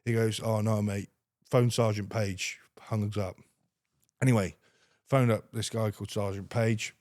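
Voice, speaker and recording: A man's voice: on the low side, moderate pace, no room sound, clean studio sound. A young British man, a former soldier, recounting army stories casually with heavy swearing and quoted dialogue. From United Kingdom. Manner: swears heavily, animated retelling with quoted dialogue. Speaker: podcast guest, former soldier. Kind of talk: casual storytelling.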